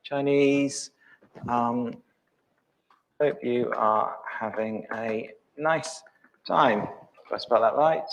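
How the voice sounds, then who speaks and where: A middle-aged man presenting a live software demo, thinking aloud with many ums and restarts. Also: medium pitch, extremely slow, long pauses.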